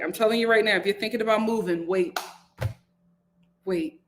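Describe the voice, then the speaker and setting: Chatty woman with a high voice. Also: normal speed, slight background noise. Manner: chatty and animated, jumps to high-pitched exclamations and acted quotes; reads viewer comments aloud. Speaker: host. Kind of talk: live reality-TV review chat. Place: home room, lit by a window.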